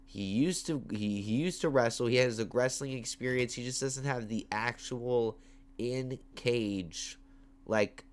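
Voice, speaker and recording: A man hosting his own MMA picks show, talking in a casual, slangy way and getting hyped on camera. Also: medium pitch. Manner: animated, slangy, hyped with big swings in loudness. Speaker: MMA betting picks host. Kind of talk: casual fight-pick commentary. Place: at home on camera. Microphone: webcam or phone on camera.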